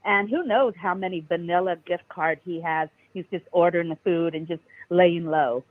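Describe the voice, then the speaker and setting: Caller on a thin phone line, relaxed and agreeable, lots of fillers. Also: medium pitch, moderate pace. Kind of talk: casual phone call-in chat.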